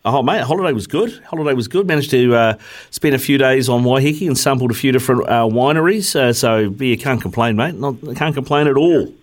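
A man's voice: medium pitch, fairly quick. A man with a New Zealand accent filling in as host on a sports radio show, chatting casually and reading out listener texts.

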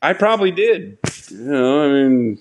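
A man's voice: fairly high pitch, big pitch swings, moderate pace, slight background noise. A man who is a veteran Army Ranger, a podcast guest who tells stories casually and animatedly, acting out quotes and laughing as he goes.

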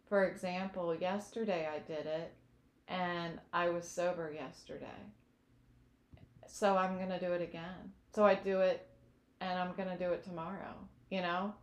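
A woman's voice: lowish voice, fairly even intonation, measured pace. A woman as an interview guest, earnestly telling her recovery story and sometimes searching for words. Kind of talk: reflective personal testimony. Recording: echoey room.

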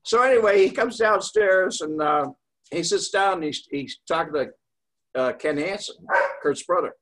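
An older man, a guest, telling a long story in a casual, rambling way, with pauses and fillers. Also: high-pitched, animated, a bit bright.

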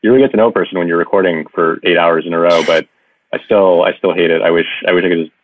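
A man speaks quickly in a low, deep register, stumbling over restarts as he chats on a podcast. His voice comes through a dry, phone-like line with a narrow, tinny sound. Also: steady tone, slight background noise. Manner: hesitant, many restarts. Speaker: podcast guest. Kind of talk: casual chat.

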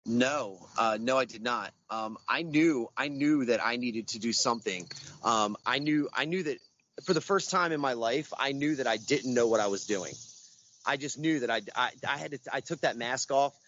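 A man's voice: mid-range voice, moderate pace, a bit bright, muffled recording, a little hiss or hum. A man speaking outdoors as a guest, earnest and reflective, with many hesitations and restarts. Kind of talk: casual conversation.

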